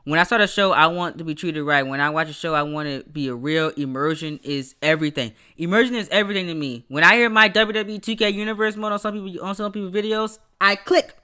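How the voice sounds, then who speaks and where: Bright-voiced animated man ranting casually. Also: high voice, fast, few pauses, clean tone. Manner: animated, stammers and repeats words; rants, laughs often. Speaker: podcast host. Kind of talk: casual livestream chat.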